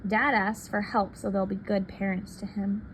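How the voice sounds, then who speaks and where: Woman reader, picture-book read-aloud, soft and unhurried, faint background hiss. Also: medium pitch, little pitch movement.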